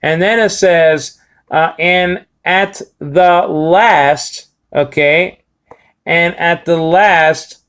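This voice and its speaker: A man gives an informal language lesson in a slightly higher voice. He halts often, fills gaps with filler words and restarts his sentences. He slows right down to spell out and sound out each word. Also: fairly bright tone, clean tone. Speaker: Bible language teacher.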